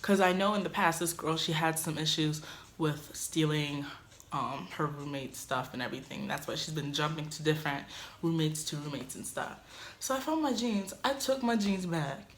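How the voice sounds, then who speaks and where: A young woman vlogger telling a casual story in a dorm room, animated, swinging from loud outbursts to muttered asides. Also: low voice, moderate pace, slight background noise.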